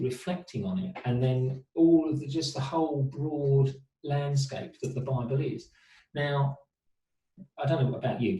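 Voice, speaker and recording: A man's voice: mid-range voice, warm tone. Thoughtful man, distant and roomy. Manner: thoughtful, musing, asks rhetorical questions. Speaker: counsellor and therapist guest. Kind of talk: reflective interview answers. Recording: roomy echo, distant from the mic.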